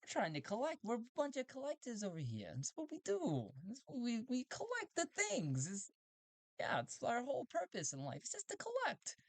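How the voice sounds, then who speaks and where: A quirky collector robot , put on by a man, chatters in a high, squeaky voice that jumps all over the place. It rambles eagerly and sounds a little odd, as if it is always on the edge of getting carried away. The voice is dry and close, with no room sound around it. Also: brisk, vocal fry, no echo, full character voice. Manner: high-pitched, excitable and rambling.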